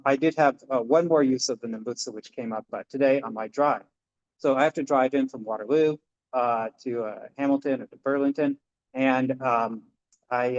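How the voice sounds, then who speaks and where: Chatty man giving a dharma talk, dull sound. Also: mid-range voice. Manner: chatty storytelling, many fillers and restarts. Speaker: Buddhist minister.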